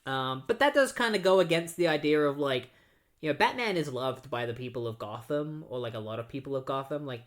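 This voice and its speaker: A man's voice: medium pitch, animated, a little fast, a bit bright. A man casually recapping comic book issues, rambling with lots of filler words. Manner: rambling, full of "like" and "you know". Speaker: comic book podcast host.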